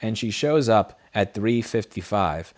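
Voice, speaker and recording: A man hosts a late-night livestream from a home desk setup, talking straight into a studio mic. His voice sits a little low. He chats in a blunt, rambling way, swears freely and answers viewer messages. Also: lively intonation, unhurried, a little mellow. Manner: blunt, profane, rambling storyteller. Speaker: livestream host. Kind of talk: casual chat, reading viewer messages. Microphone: studio headset mic.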